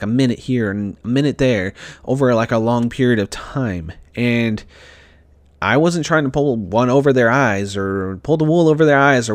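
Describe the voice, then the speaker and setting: Young guy vlogging, stressed and rambling, mid-pitched voice, dry sound. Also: dry recording. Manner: rambling, with frequent restarts and fillers. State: upset and stressed. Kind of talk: casual storytelling.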